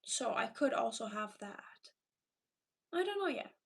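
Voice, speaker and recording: A woman in her thirties from Romania, with a Romanian accent mixed with Irish and London English, casually chatting with viewers on a livestream, animated and full of fillers. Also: a little high, measured pace, gravelly, slightly rough. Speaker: livestream host reading chat.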